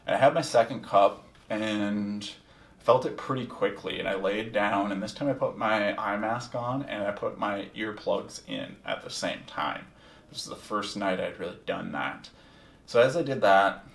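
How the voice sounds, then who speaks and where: A man with a lowish, gravelly voice tells his own story on a podcast, candid and reflective, with casual swearing. The sound is roomy and a little distant, as if he sits back from the mic. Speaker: podcast host. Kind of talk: casual first-person storytelling.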